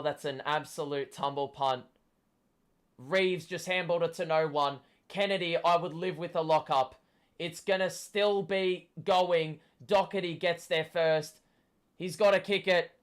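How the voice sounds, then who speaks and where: A young man, hoarse from shouting, gives a live fan commentary of a football match, swearing and yelling at the play. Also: a little high. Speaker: watchalong host.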